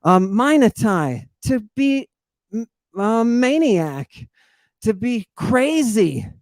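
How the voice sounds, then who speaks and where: A man's voice: extremely high pitch, big pitch swings, slow pace, darkish tone, no echo. A man who teaches classics, hosting a lecture on Greek word roots in an emphatic, sardonic way, full of rhetorical questions. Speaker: classics teacher and podcast host.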